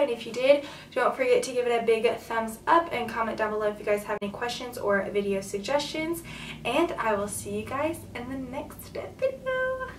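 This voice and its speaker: A young woman vlogging, chatting excitedly to camera with lots of fillers. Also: on the high side, distant mic. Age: young adult. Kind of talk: casual chat to camera. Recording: echoey room, voice a little off-mic.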